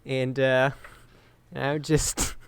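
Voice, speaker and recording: A boastful adventurer talks his way past the guards in a put-on accent that keeps sliding between Scottish and Bostonian, voiced by a man. The voice is crisp and close to the mic, with a dry sound. He sounds pompous and blustering. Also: mid-range voice, level tone, slow pace, no echo.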